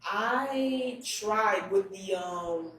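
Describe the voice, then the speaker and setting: A woman's voice: medium pitch, a bit bright. Candid woman guest in an echoey room. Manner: emotional, halting, many restarts. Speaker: interview guest. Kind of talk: candid conversational interview. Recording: roomy echo, distant mic, faint room noise.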